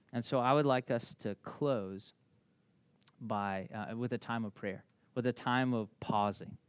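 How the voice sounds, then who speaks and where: A man preaching a sermon as a pastor, candid and conversational, often restarting his sentences, slowing and softening for reflective passages. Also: mid-range voice, no room sound.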